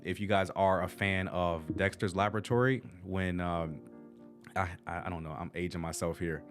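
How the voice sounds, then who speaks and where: A man with a very low voice and an American accent, hosting a laid-back livestream. He rambles and restarts his sentences as he chats directly to his viewers, with faint music playing behind him. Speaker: channel host. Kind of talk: casual livestream tips.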